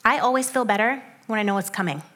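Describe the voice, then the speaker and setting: A young adult woman giving a sermon in a conversational way, with animated asides that drop into soft, hushed stretches. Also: medium pitch, fast.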